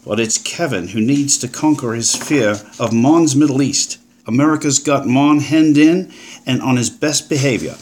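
An actor playing a brash, upbeat forty-year-old British paleontologist in an audiobook, with a jaunty, breezy manner and old-fashioned turns of phrase. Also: male voice, medium pitch, moderate pace, a little mellow, slight background noise, lightly acted. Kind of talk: audiobook character voice.

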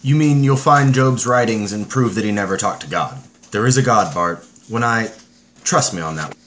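An actor playing a wary, middle-aged Irish-American scientist and former soldier in an audiobook, speaking in a measured, sober way. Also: male voice, on the low side, fairly bright tone, a little hiss or hum, natural voice. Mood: earnest. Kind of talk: audiobook character voice.

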